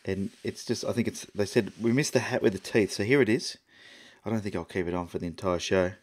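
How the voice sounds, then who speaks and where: A man's voice: on the low side, a little fast. A middle-aged Australian man hosting a photography livestream, rambling and chatty with lots of fillers and restarts. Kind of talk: casual live-stream chat.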